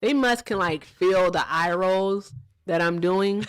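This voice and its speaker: A woman's voice: slow pace, smooth, dry recording. Chatty woman co-hosting a live stream. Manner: chatty, laughs often, mimics people in a much higher voice. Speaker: livestream co-host. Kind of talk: casual livestream chat.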